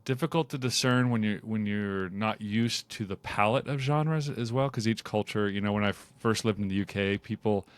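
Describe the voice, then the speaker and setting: A man's voice: on the low side, normal speed, few pauses, smooth, no room sound. An American man hosting a podcast, chatty and anecdotal in casual conversation. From United States.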